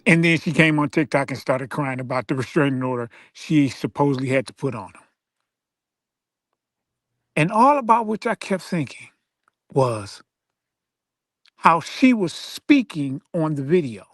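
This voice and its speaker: A man hosting his channel, giving an emphatic, preachy commentary monologue with drawn-out repetition. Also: on the high side, animated, a bit bright, no room sound, studio quality. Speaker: channel host.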